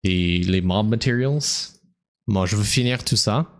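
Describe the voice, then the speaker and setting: A young American man streaming a game, rambling and thinking aloud in a halting way. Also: fairly low pitch. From United States. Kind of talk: casual gameplay commentary.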